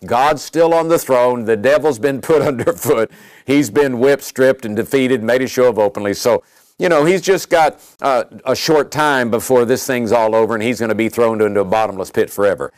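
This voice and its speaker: Man, preacher, sermon, emphatic, animated, repeats phrases, medium pitch, dry close sound. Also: normal speed, no room sound.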